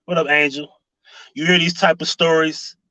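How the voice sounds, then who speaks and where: Man, high-pitched, bright, casual livestream commentary, sarcastic rhetorical questions. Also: level tone, normal speed, dry recording, poor audio. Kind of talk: casual live-stream commentary.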